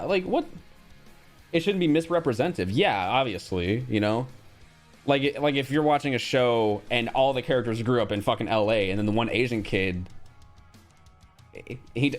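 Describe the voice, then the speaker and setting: A young man streaming casually, reacting bluntly to a quiz with frequent swearing and reading out chat. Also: mid-range voice.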